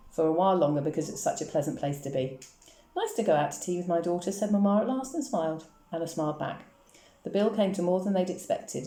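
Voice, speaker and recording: Woman reader, low mellow voice, quick steady storytelling, roomy echo. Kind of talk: reading a novel aloud. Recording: echoey room.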